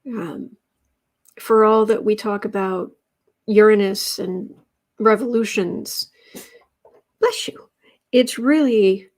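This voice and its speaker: A woman hosting a casual astrology and tarot livestream. She rambles and thinks aloud with many restarts, and coos softly to her cat between points. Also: medium pitch.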